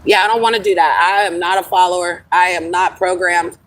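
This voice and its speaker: A woman's voice: lowish voice, fairly even intonation, a little fast, distant mic, poor audio. A middle-aged woman chatting casually on a livestream, rambling and laughing often, calling listeners honey. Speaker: livestream host.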